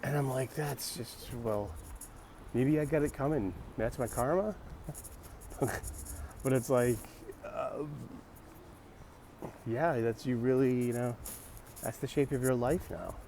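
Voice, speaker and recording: A man's voice: medium pitch, slow, pauses often, dark tone, a little hiss or hum. A man hosting a casual morning monologue, rambling and wry, sighing and restarting his sentences. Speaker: host of a morning video show.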